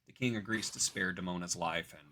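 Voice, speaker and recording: A man hosting a podcast, chatting casually and jokily as he recaps a cartoon, dropping into quick voices for the characters. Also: sits low. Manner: animated, jokey, puts on quick voices for characters. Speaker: podcast host.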